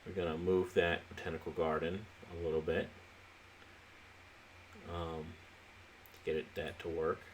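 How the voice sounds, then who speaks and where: A let's play host with a very low voice gives casual, halting commentary on a city-building game, thinking out loud as he plays. He comes across relaxed, sleepy, and yawning, with faint noise under the recording.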